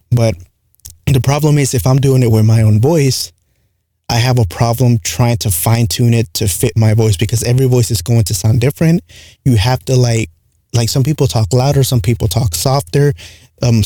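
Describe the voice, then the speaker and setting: Man with a light accent, dry mellow voice. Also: mid-range voice, no room sound. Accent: light non-native English accent. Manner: rambling, frequent "like" and "right?" fillers. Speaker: podcast host. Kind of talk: casual solo podcast monologue. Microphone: close studio mic with compressor.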